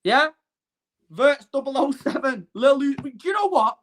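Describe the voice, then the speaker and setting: A man's voice: very high-pitched, lively intonation, a little slow, a bit bright. Brash man ranting about football. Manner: brash, mocking, emphatic. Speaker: football stream host. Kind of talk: live-streamed football rant reading out chat.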